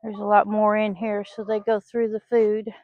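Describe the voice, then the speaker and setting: Chatting through her chores in the outdoor poultry pen of a small farm, a woman farm vlogger scolds her hens like children in a sing-song voice. Her voice is mid-range and monotone, at normal speed. The audio is a dull, lo-fi outdoor recording with no echo.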